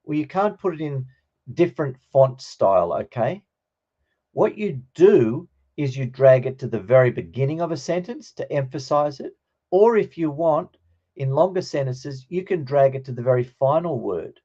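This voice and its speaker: A man's voice: mid-range voice, sing-song, normal speed, warm tone, muffled recording. A man teaching a Greek grammar class, explaining patiently and checking in with his students.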